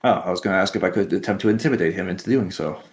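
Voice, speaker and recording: A man with a low voice plays in a casual tabletop game. He talks eagerly, tripping over his words and restarting as he plans his moves. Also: rapid-fire. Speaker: player.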